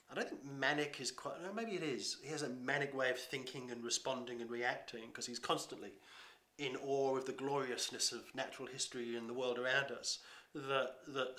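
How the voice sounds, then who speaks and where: A man's voice: medium pitch, steady tone, moderate pace, sharp tone. Aussie guy chatting about performing, laughs a lot, roomy echo. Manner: chatty, self-deprecating, laughs often. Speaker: performer playing a museum character. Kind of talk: conversational interview. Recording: echoey room.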